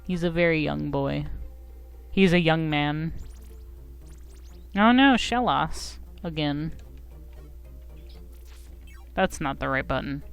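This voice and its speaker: A woman's voice: low voice, fairly even intonation, takes it slowly, creaky, long pauses, clean tone, faint music behind. A young woman streaming a video game, chatting casually with goofy, giggly, self-mocking commentary.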